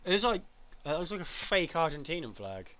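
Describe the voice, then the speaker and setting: Bright, higher-pitched male race commentator. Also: big pitch swings. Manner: chatty, jokey, quick banter with co-host. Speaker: sim racing commentator. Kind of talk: live race commentary on stream.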